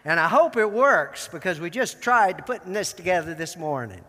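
A man's voice: high voice, animated, normal speed, bright, forceful tone. A man from Georgia, preaching in a folksy, self-deprecating way. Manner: folksy and self-deprecating, acts out film lines. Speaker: pastor. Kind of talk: sermon. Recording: long hall reverb.

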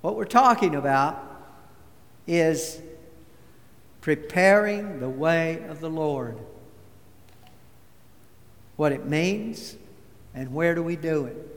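Slow, high-voiced preacher. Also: male voice, a bit bright. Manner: measured, deliberate preaching with storytelling. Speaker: pastor. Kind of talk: sermon. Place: church sanctuary. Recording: long church reverb.

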